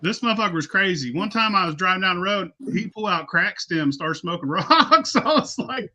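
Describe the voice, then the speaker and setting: A man, hosting a podcast and telling loud, profane stories with lots of laughing. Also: sits high, lively intonation, brisk, few pauses, dull audio. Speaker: podcast host. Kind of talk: casual storytelling.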